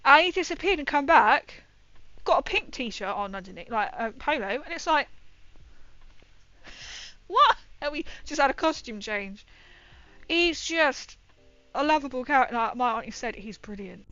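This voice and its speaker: Woman streamer, bright and rambling, casual chat over dull lo-fi audio. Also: sits high, animated, moderate pace, no echo. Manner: chatty, rambling, laughs often. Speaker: livestreamer building a model kit. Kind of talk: casual chat while building.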